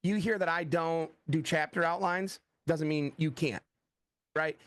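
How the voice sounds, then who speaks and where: Unhurried and somewhat high-voiced, a middle-aged American who writes thrillers gives a casual interview full of lively stories, acted-out dialogue, and frequent use of "like." The audio has no echo.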